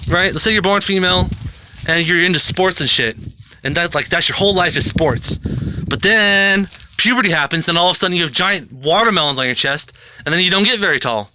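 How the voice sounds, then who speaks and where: A man's voice: sits high, brisk, bright, forceful tone. A man rambling bluntly to camera in a casual monologue, swearing a lot. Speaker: video host.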